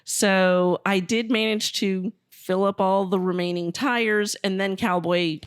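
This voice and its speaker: A woman's voice: mid-range voice, steady tone, slow pace, clear, resonant tone, no echo, clean studio sound. A middle-aged woman co-hosting a podcast, telling a story wryly and acting out what others said. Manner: storytelling, wry, quotes others in dialogue. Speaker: podcast co-host. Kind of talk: casual chat.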